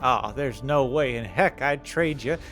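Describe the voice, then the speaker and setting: A man voicing an excitable old woman in a tabletop game, high and shrill. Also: unhurried, faint music behind, natural voice. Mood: thrilled.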